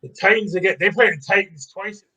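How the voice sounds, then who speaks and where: A man with a bright, forceful, slightly high voice co-hosts a sports talk show. He runs through trades and the schedule one item at a time. His delivery stays steady and matter-of-fact. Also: a little fast, breathy edge, poor audio. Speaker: sports podcast co-host.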